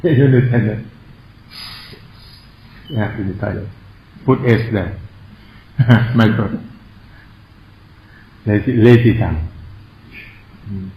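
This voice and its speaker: A Thai-accented man teaches meditation in a slow, unhurried way. He spells out words, repeats himself, and jokes at his own expense. His voice sits in a middle pitch and the sound is dull and lo-fi, bouncing around an echoey hall. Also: slight background noise. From Thailand. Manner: slow, repetitive, explains words and spells them out; self-mocking humor, chuckles often. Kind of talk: meditation class instruction.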